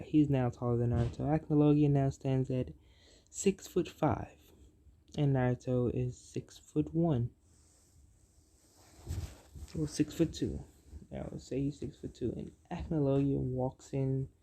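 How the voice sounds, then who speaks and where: Halting, dark-voiced storyteller. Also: mid-range voice. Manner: halting, many fillers and self-corrections. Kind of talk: improvised fan-fiction storytelling.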